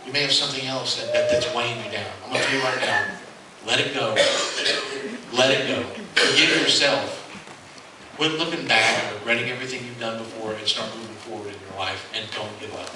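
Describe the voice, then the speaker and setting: A man giving an earnest motivational speech to a live audience, repeating his key lines and mixing in joking stories. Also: mid-range voice. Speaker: motivational speaker. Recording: echoey hall from far off, noisy.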